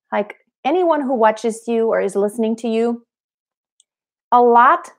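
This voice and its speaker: Earnest, fairly high-voiced woman vocal coach. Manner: earnest, direct, motivational, speaking up loudly. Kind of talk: live-streamed coaching talk.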